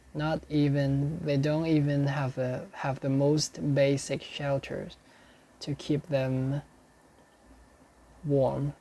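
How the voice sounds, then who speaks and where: Slow, halting man reading dictionary entries. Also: mid-range voice, warm tone. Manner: halting, repeats sample sentences, restarts and self-corrects. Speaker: English learner studying a dictionary. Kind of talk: reading dictionary entries aloud and explaining them.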